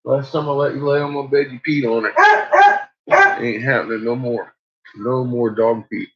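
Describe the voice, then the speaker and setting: A man's voice: medium pitch, steady tone, moderate pace. A man chatting casually as a vlog host, laughing often as he talks about his dogs. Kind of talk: casual chat. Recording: dull lo-fi recording.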